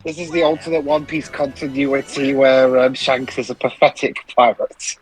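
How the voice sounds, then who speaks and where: A man's voice: medium pitch, level tone, normal speed, soft background music, rough recording. A man giving casual gaming commentary, dry and hesitant, with plenty of ums. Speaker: let's play commentator.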